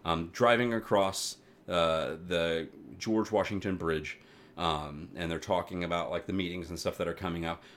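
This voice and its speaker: A man co-hosting a podcast, chatting casually and getting animated as he retells a game story, swearing freely. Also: sits low, normal speed. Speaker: podcast co-host. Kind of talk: casual chat about games and anime.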